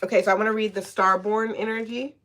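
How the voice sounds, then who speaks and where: A woman giving a casual spiritual tarot reading, sassy and slangy with swearing and a steady stream of encouragement, often checking in with "okay?". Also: mid-range voice, quick pace. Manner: sassy, slangy and profane, with frequent "okay?" and laughs; encouraging and affirming. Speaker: tarot reader.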